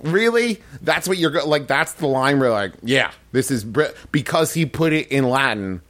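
A man of medium pitch chats on a comedy podcast, rambling and teasing himself. His delivery is loose and playful, full of restarts. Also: animated, normal speed, a bit bright. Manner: playful, rambling, self-mocking. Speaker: podcast co-host. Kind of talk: casual comedic chat.

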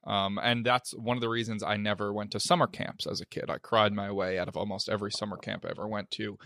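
A young man with a lowish voice rambles through a personal story on a podcast, leaning on fillers as he goes. The sound is dry and close, with no room around it. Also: little pitch movement, fast, bright, forceful tone, no echo. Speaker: podcast co-host. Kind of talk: casual chat.

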